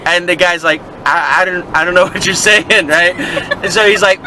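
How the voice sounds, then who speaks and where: A man's voice: high-pitched, measured pace. A man co-hosting a vlog, chatting casually from a car in traffic, rambling through a story and laughing often. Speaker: vlog co-host. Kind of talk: casual chat while driving.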